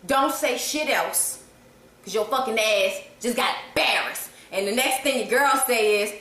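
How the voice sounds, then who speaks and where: A woman retelling a comedy film in an animated, profane way, breaking into laughter as she goes. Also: fairly high pitch, a little slow. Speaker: movie reviewer. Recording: echoey room.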